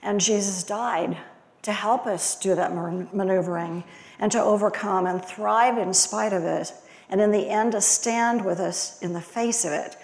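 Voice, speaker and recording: A woman's voice: mid-range voice, a little slow, darkish tone. A woman giving a reflective sermon, asking one rhetorical question after another. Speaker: lay preacher. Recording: long hall reverb.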